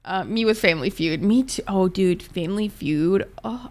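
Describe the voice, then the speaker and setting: A woman's voice: mid-range voice, normal speed, few pauses, darkish tone. A woman streaming live and chatting casually with her viewers, rambling laid-back and swearing freely as she answers chat messages. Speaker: Twitch streamer.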